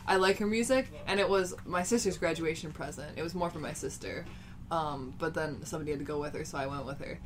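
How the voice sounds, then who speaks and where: A woman's voice: low voice, fast talker, noisy background. A young woman co-hosting a casual podcast chat, gushing and rambling with lots of fillers. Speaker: podcast co-host.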